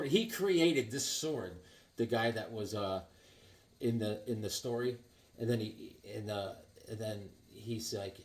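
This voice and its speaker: A man's voice: medium pitch, a bit bright. A man casually showing his comic books, rambling and joking with many restarts and silly asides. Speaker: comic book vlogger. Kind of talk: casual show-and-tell chat.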